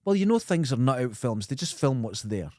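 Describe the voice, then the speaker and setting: A Scottish man co-hosting a podcast, recounting travel stories with a lively, animated delivery and plenty of swearing. His voice sits at an ordinary pitch for a man. The sound is close and dry, with almost no room behind it. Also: a little fast, dry recording. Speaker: podcast co-host. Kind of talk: casual chat.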